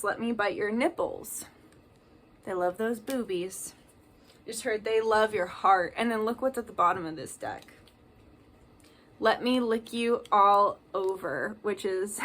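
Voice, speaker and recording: A woman's voice: a little high, bright, forceful tone. A woman giving a casual tarot card reading, chatty and reading card messages aloud with emphasis.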